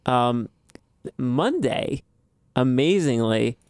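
A man hosting a casual podcast chat, calm and easygoing, asking teasing questions. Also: mid-range voice, very slow, smooth, dry recording. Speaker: podcast host.

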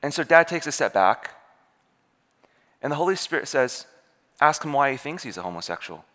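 A man's voice: mid-range voice, moderate pace. A man telling a story in a sermon, acting out the voices of the people in it. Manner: animated, acts out voices in his stories. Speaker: preacher. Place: church hall. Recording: long hall reverb.

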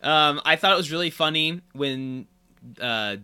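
A man's voice: fairly high pitch, animated, unhurried, sharp tone, smooth. A man co-hosting a podcast, casually recalling favorite moments of a TV episode and laughing often. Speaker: podcast co-host. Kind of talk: casual chat about a TV episode.

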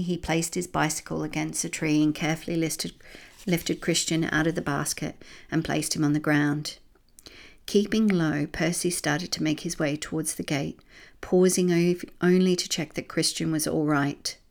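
A woman with a very low voice reads a children's book aloud. Her storytelling is gentle and steady. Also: gravelly. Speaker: storybook reader.

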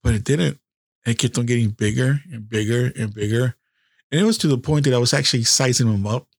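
A man's voice: medium pitch, fairly quick, creaky, no echo, clean studio sound. A man in his fifties, a podcast host telling a personal story in a candid, casual way with heavy swearing.

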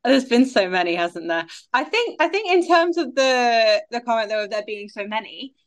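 A woman's voice: fairly high pitch, animated, normal speed. Brief: female panelist, thoughtful, trips over her openings. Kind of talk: casual chat.

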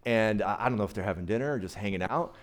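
A man's voice: lowish voice, racing. Chatty playful man preaching. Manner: chatty, playful, talks directly to the audience. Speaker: guest preacher. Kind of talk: casual sermon.

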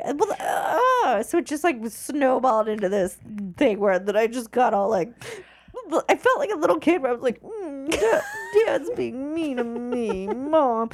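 Lively high-voiced woman telling stories. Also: a little hiss or hum. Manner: animated, laughing, acts out family members in quoted voices. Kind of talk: casual storytelling chat.

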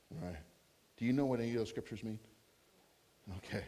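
A man preaching as a guest speaker in a church, laughing often and repeating words when excited. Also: mid-range voice, a little fast, pauses often. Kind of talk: sermon with prophetic words. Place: church hall.

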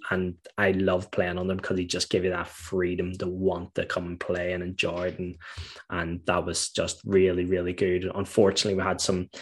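Husky deep-voiced former footballer. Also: male voice. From Northern Ireland. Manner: animated storytelling, laughs while recalling. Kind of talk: casual interview chat.

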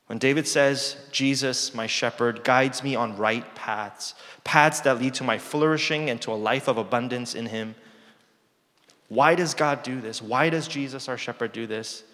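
Pastor, man in his 30s, mid-pitched, earnest reflective sermon delivery with gentle humor, long church reverb. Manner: earnest, reflective preaching with soft dropped phrases and light self-deprecating humor. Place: church sanctuary.

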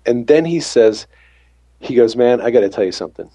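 This is a testimony from a man on an ambulance crew, who retells a faith experience and plays out the dialogue. His medium pitch carries lively intonation, and he speaks fairly quickly with a mellow, slightly rough tone and no echo.

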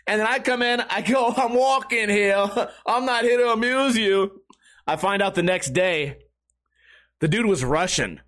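A man's voice: high-pitched, fairly bright tone. A young man telling a story casually, rambling, swearing and laughing often as a podcast host.

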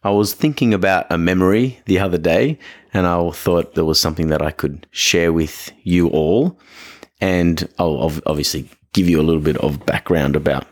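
A man's voice: low voice, normal speed. An Australian man hosting a podcast, telling a story in a chatty, rambling, self-deprecating way. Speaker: podcast host. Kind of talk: casual storytelling monologue.

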